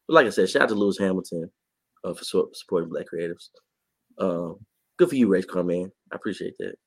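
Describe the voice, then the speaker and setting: A man co-hosting a podcast and reporting on sports, talking in a casual, animated way and laughing often. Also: sits low, fairly quick, gravelly, breathy edge, no echo. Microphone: podcast mic.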